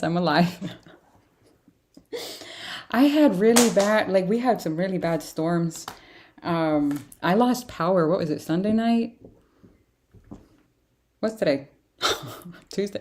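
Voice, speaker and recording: A woman with a somewhat low voice talks through a casual livestream tarot reading. She sounds tired and chats in a loose, rambling way, often breaking into laughs. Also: expressive, takes it slowly, pauses often, a little mellow. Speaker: tarot reader.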